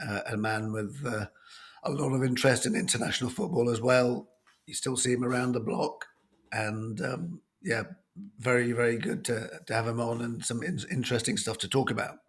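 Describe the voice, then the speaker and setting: A man in his fifties co-hosting a sports podcast, his voice croaky from a cold, talking in a hesitant, casual way with many ums. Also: mid-range voice. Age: 50s. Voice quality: husky. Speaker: podcast co-host.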